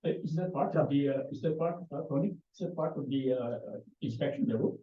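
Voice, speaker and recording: A man's voice: a little high, quick pace. Audience guy, uh-ing through a question, far off and echoey. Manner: hesitant questions, chiming in. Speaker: audience member. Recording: distant, roomy, dull audio.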